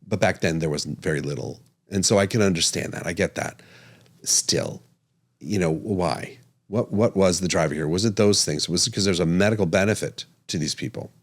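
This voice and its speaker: A podcast host who is also a physician talks casually and animatedly in a deep voice at a normal pace, chuckling and correcting himself along the way.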